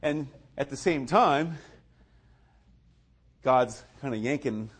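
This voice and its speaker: Slow, medium-pitched and with a breathy edge, a man's voice relates his personal faith testimony informally. He chuckles often, talks loosely with many fillers, and acts out quoted lines from others in spirited voices.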